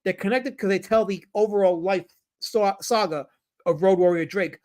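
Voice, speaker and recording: A man live-streaming, reading chat comments aloud and talking about comics in an animated, jokey way. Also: high voice, moderate pace.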